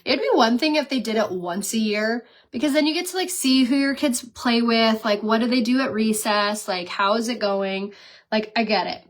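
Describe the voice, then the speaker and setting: A chatty woman in her thirties runs a makeup live stream, talking fast and filling her sentences with "like." Her voice sits a little high, and she laughs easily between product pitches and stories. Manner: chatty and animated, laughs often, says "like" a lot. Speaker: makeup seller and vlogger. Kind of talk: casual livestream chat while doing makeup.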